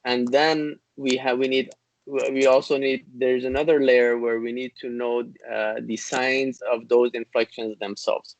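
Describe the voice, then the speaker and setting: A man's voice: medium pitch, flat delivery, dry recording, low-quality recording. Man teaching grammar over a video call. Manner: hesitant, many fillers and restarts, explains patiently; recites classical Arabic text in rapid bursts. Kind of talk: online class lecture.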